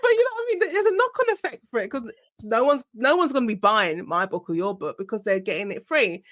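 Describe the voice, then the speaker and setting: A woman hosting a podcast interview, expressive in her speech and quick to laugh. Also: fairly high pitch. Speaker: podcast host. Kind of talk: conversational interview.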